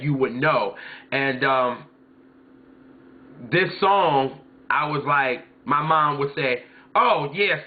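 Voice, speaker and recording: Man, fairly high voice, chatty storyteller, lo-fi phone-like audio. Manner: chatty, storytelling, often mimics his mom and sings snatches. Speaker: music vlogger. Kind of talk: casual chat. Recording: tinny phone-like sound.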